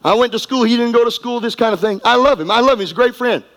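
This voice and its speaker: A middle-aged man preaching a sermon, folksy and emphatic, going from quiet asides to shouting. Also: very high-pitched, fast, poor audio. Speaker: pastor.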